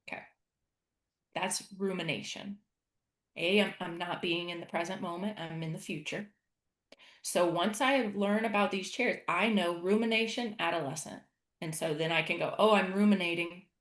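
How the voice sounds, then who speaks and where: A woman guest on a podcast, a life coach explaining her ideas in an earnest, animated way. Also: fairly low pitch, normal speed, reverberant. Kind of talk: podcast conversation.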